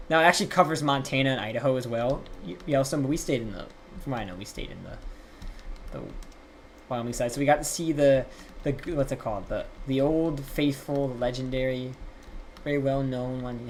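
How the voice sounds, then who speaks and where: A man's voice: medium pitch, slight background noise. Rambling, cursing young man streaming a game. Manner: rambling, profane, animated storytelling. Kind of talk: casual storytelling while gaming live.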